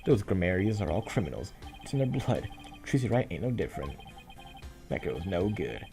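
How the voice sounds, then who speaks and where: A man's voice: low-pitched, very animated, fairly quick, creaky, warm tone, faint music behind, full character voice. A man voicing a brash, pushy TV producer in a video game dub, talking in slang like a salesman. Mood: sneering.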